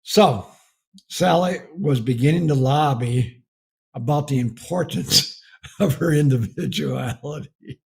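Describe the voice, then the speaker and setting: A man's voice: medium pitch, slow, gravelly, darkish tone, husky. A man preaching a marriage message as a folksy story and chuckling often as he tells it. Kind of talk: storytelling sermon.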